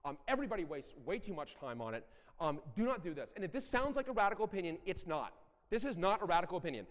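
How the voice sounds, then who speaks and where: A middle-aged man giving a conference talk, animated and blunt, with self-deprecating asides and occasional profanity. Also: high-pitched, fast talker. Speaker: conference speaker. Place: large conference hall. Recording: echoey hall.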